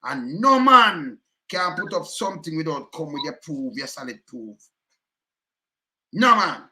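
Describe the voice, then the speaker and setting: A man's voice: fairly high pitch, very animated, a little slow, pushed and bright. A Jamaican man giving heated, emphatic commentary in patois, repeating himself and cursing often.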